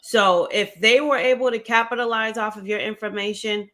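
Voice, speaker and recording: Woman host, bright, forward tone, steady and supportive. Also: on the high side. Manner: direct, encouraging, measured. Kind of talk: livestream interview.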